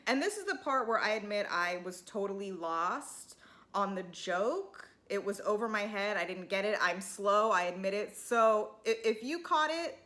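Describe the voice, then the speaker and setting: A woman's voice: medium pitch, pushed and bright. A woman giving a casual, opinionated and sarcastic recap of a reality TV episode. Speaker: TV recap vlogger.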